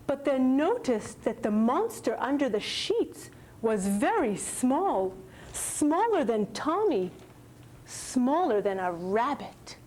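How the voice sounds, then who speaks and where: Slow, expressive woman storyteller. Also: high-pitched, slight background noise, rough recording. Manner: slow and expressive, dropping to whispers. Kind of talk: children's storytelling.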